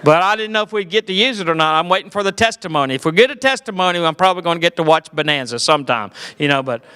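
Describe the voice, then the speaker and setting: Folksy Southern comedian, bright ringing voice. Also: male voice, fairly high pitch, lively intonation, clear, resonant tone. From Georgia, US. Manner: folksy, self-deprecating, halting with fillers. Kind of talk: clean stand-up storytelling. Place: church hall. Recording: echoey hall.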